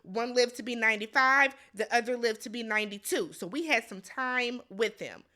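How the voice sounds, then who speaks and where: A woman's voice: fairly high pitch, moderate pace, sharp tone. A woman giving a blunt, exasperated casual recap commentary, talking straight to the viewer. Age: adult. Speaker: recap vlogger.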